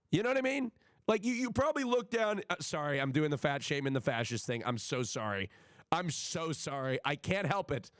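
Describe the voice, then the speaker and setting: A man streaming live, telling a travel story to his chat in an animated, profane and exasperated rant. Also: a little high, moderate pace, no room sound, clean studio sound.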